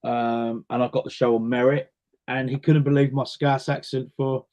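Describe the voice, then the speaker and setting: Man, interview guest, casual anecdotes, mid pitch, repeats words while thinking. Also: flat delivery, normal speed, a little mellow. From North West London. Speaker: interview guest, singer and actor.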